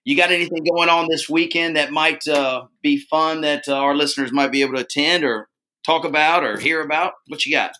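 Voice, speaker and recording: A man's voice: on the high side, fairly even intonation, brisk, bright, forceful tone, slight background noise. A man co-hosting a casual podcast, joking around and rambling with plenty of fillers. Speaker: podcast co-host.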